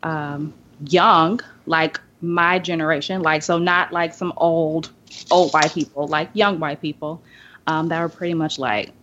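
A woman from the Southern United States telling a personal story in a casual podcast roundtable. She acts out the people in her story with lively voices. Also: low-pitched, a little slow, a little hiss or hum. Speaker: podcast panelist. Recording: dull lo-fi podcast audio.

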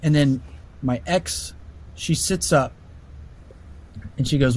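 A man telling a personal story casually, animated and full of fillers and restarts. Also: medium pitch, a little slow, pauses often.

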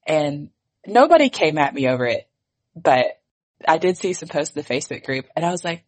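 A woman co-hosting a casual podcast while she is losing her voice. She sounds hoarse and raspy, low and husky, yet stays chatty and laughs often. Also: very animated, a little fast, darkish tone. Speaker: podcast co-host. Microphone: remote recording.

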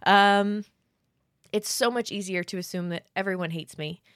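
A woman's voice: mid-range voice, moderate pace, a bit bright, clear, resonant tone, no echo, clean studio sound. A woman co-hosting a podcast, chatting casually, often laughing at herself. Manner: self-deprecating, laughing. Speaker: podcast co-host.

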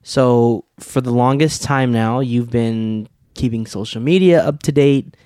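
A man's voice: medium pitch, measured pace, mellow, dry recording, clean studio sound. A young man co-hosting a podcast, chatting casually and teasing his co-host in a laid-back way. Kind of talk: casual chat.

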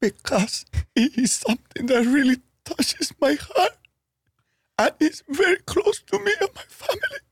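A man voicing a tearful, emotional version of himself talking about a family recipe, pitched high and breaking. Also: sing-song, a little slow, dry recording, full character voice. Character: weepy man choked up over family recipe.

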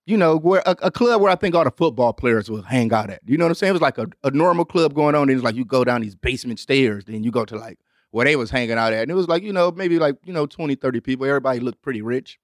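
A young adult man hosting a show, telling a rambling, profane story in an animated way and acting out other people with big jumps in pitch. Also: fast talker, no echo, studio quality. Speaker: host. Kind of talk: storytelling monologue.

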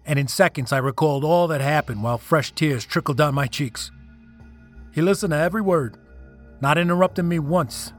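Reading with dramatic feeling, a man with a somewhat high voice narrates a tense first-person tale. Soft music plays faintly underneath.

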